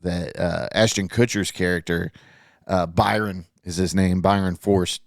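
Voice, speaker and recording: A man's voice: low-pitched, steady tone, a little slow, gravelly, no room sound, clean studio sound. A man co-hosting a podcast, chatting casually and loosely about a TV show, with plenty of fillers and swearing. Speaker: podcast co-host. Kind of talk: casual chat reviewing a TV show.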